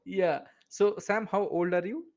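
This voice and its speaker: His voice sits high and a little mellow, with vocal fry, fairly even intonation, and an unhurried delivery. This Indian English-accented man hosts a casual podcast interview, chatting away with frequent "you know" fillers and laughter between points.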